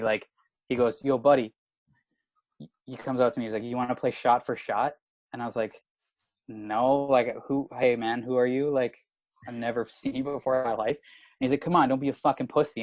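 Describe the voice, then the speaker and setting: A man's voice: medium pitch, brisk, no echo, poor audio. A man in his thirties from Canada, a comedian telling a rowdy story in casual podcast chat, swearing and saying "like" constantly. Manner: animated, swearing, lots of filler "like". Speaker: comedian guest.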